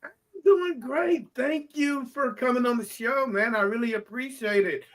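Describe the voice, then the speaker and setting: A podcast host speaking in a relaxed, jokey way. The talk is a casual interview chat, with easy banter between questions. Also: medium pitch, normal speed.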